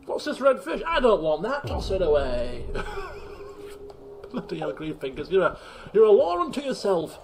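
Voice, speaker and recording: A man's voice: high-pitched, very animated, moderate pace, darkish tone. A man commentating a game live on stream, exasperated and self-mocking, laughing often at his own mistakes. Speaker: gaming streamer.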